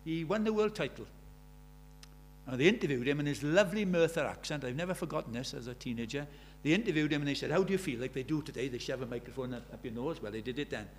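A man's voice: medium pitch, fast, slight background noise. A man in his seventies preaching a sermon, pressing his congregation with earnest rhetorical questions. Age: 70s. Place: church.

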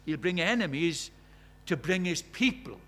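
A man's voice: on the high side, very animated, a little slow, fairly bright tone. A man preaching a sermon in a conversational way, asking the congregation many questions and reciting scripture with rising force.

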